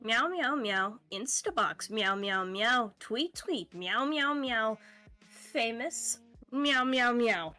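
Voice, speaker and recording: A woman's voice: fairly high pitch, expressive, slow, bright, forceful tone, faint music behind, heavily acted. Woman doing a pet owner meowing to a cat. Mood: playful. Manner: mock meowing, sing-song.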